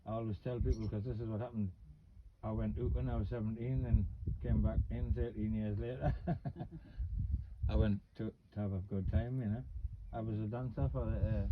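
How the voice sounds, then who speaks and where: Geordie man in his fifties, chatty storyteller, muffled outdoor recording with loud noise. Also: lowish voice, brisk. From Newcastle, England. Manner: rambling, animated storyteller acting out quotes. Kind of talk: casual chat, storytelling.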